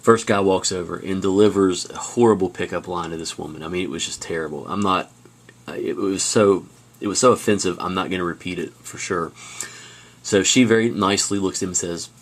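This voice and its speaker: A man teaching a high school class on video, telling stories in a casual way with fillers and restarts. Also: steady tone, fairly quick.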